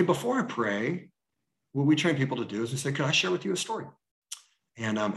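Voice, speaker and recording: A man, a pastor, answering interview questions in an earnest, animated way and acting out the conversations he describes. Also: a little high. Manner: earnest, animated, acts out dialogue. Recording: roomy echo.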